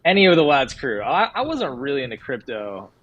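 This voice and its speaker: A man co-hosting a casual livestream chat, excitable and joking, often drifting onto tangents. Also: mid-range voice, fairly quick, lo-fi sound. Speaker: co-host.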